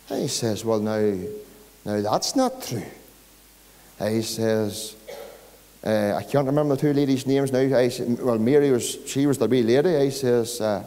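Northern Irish preacher in a reverberant hall. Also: male voice, mid-range voice, expressive, a little slow, mellow. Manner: storytelling, rising to emphatic peaks. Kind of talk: evangelistic sermon. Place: large church hall.

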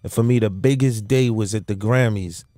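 A man from Haiti, a guest on a radio show, telling animated stories in a casual interview. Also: on the low side, normal speed, dry recording, studio quality. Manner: animated storytelling, slips into quoted voices. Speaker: guest musician. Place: radio studio.

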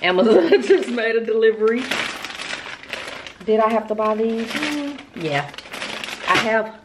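A woman's voice: a little high, expressive, unhurried. Woman, casual vlog talk, blunt and irritated, faint background noise. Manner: blunt, irritated, laughing asides. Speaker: vlogger.

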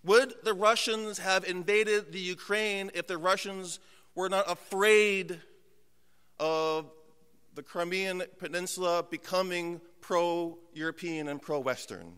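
A man with a high, bright and very clear voice preaches a sermon from a church pulpit. He tells self-mocking stories with humor, then slows to a hushed, deliberate weight on key words. A long hall reverb trails behind his voice. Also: steady tone. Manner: humorous, self-mocking storytelling that drops to slow, hushed emphasis. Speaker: pastor. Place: church sanctuary.

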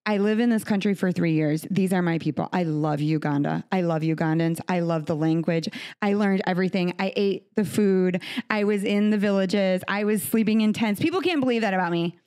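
Smooth, dark, and fairly low in pitch, this American podcast host speaks briskly. In her studio interview she's conversational, earnest, and heartfelt on the subject of faith.

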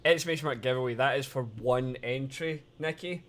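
A man streaming live, talking loosely and excitably to his audience. His voice is bright and forceful, and he swears freely and laughs often in a casual chat style. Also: medium pitch, brisk.

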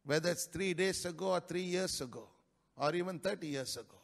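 A male pastor preaching a sermon in a church, breaking into sudden loud rises and dropping into quick, quieter asides. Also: sits high, gravelly. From India.

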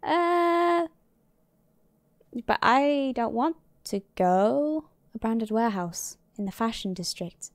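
A woman's voice: fairly high pitch, lively intonation, measured pace, hardly any pauses, dry recording. A woman streamer giving casual gameplay commentary, chatty and muttering to herself with mild swearing. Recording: dry sound with faint music behind.

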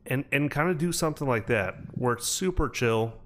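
A man's voice: mid-range voice, brisk, a bit bright, slight background noise. A man hosting a podcast, telling stories in a casual, rambling way with plenty of fillers. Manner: rambling storytelling with many fillers. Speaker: podcast host. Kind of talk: casual chat.

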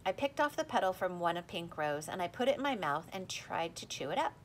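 Lively woman reading a storybook. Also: lowish voice, fairly quick, a little hiss or hum. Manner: lively, expressive reading, voicing the characters. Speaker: audiobook reader. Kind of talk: storybook narration with character voices.

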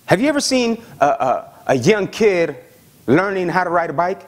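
Lively, animated male pastor preaching. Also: sits high, moderate pace. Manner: animated, conversational preaching with frequent "okay?" and "watch this"; acts out voices of excited young believers. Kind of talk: sermon.

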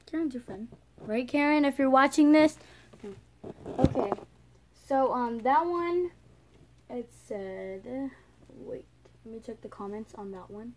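Female vlogger, slightly high voice; casual, rambling, indignant rant to camera. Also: lively intonation, slow pace, pauses often, a little hiss or hum. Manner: indignant, rambling, talks straight to viewers.

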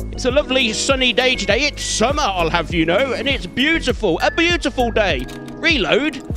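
A man giving playful, theatrical let's-play commentary, talking back at the game and its zombies. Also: very high voice. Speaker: gaming channel host.

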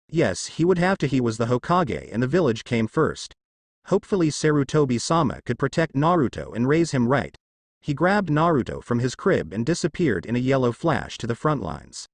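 A man narrating a fanfiction audiobook in an even storytelling read. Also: mid-range voice, no echo.

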